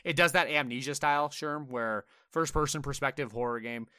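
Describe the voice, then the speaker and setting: A man on a casual gaming podcast with a bright, forceful voice, recorded dry and close. He tells animated stories, swears freely and acts out his own frustrated reactions in quoted asides. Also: medium pitch, brisk, clean tone, no room sound. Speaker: podcast co-host.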